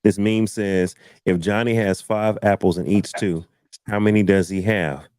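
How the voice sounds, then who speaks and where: A man hosting a casual panel discussion, telling stories with laughter and animated asides. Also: fairly low pitch, unhurried, smooth, dry recording, studio quality. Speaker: host.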